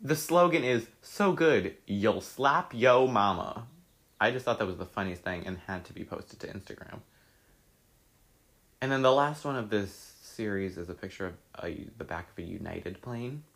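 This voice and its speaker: A man's voice: on the low side, normal speed, creaky. A young man chatting casually as he reads out his old social media posts, laughing and swearing at them. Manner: laughing, swearing, excitable reactions. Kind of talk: casual chat.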